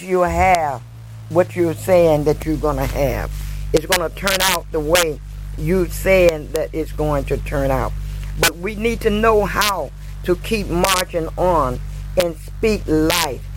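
Woman preaching real slow, lots of hallelujahs, noisy recording. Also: fairly low pitch. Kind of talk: sermon.

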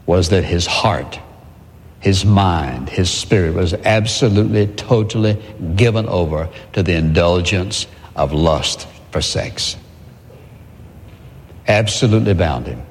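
A man preaching an earnest sermon, stressing words and pausing often between phrases. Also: deep voice, in a large hall. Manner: earnest, emphatic preaching with drawn-out pauses. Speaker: pastor.

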